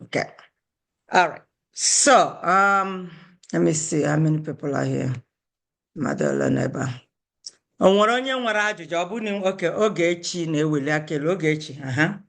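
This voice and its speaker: A woman's voice: lowish voice, normal speed, gravelly, fairly bright tone. A woman from Owerri, teaching an online language class over a video call and patiently repeating words as she switches between languages. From Owerri, Nigeria. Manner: explains patiently, repeating Igbo words and mixing them into English.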